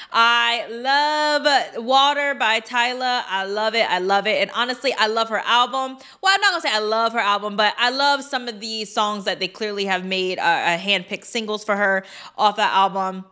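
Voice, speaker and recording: A woman giving casual commentary on a vlog, chatty with quick asides and lots of fillers. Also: a little high, bright, forceful tone, clean tone. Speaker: commentary vlogger.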